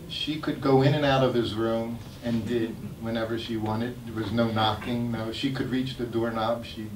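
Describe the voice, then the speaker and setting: An older man, telling stories about his memories in an animated way and laughing as he goes. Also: mid-range voice, moderate pace, slight background noise. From United States. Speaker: guest speaker sharing memories. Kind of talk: anecdotal storytelling talk. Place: temple hall. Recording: echoey hall, mic at a distance.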